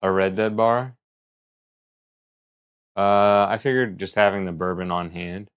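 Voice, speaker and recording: A man's voice: low-pitched, steady tone, unhurried, clean tone, highs cut off. A man streaming live who rambles casually and thinks aloud as he talks. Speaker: livestreamer.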